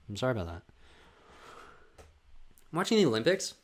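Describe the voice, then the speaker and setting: A man hosting a solo comedy podcast, ranting in a profane, rambling, animated way. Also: medium pitch, a little fast, pauses often. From Canada. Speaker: podcast host.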